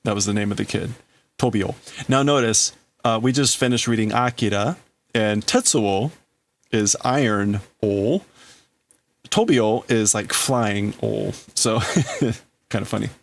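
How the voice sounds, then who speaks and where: A man hosting a livestream, casually translating manga aloud and thinking out loud in broken-up phrases. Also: lowish voice, unhurried, vocal fry. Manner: thinking aloud, breaking up phrases, laughing at himself. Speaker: livestream host.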